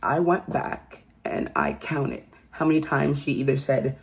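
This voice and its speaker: A woman's voice: very deep voice, very animated, measured pace, creaky. A woman giving a casual true crime commentary, telling the story emphatically and incredulously and often asking "okay?".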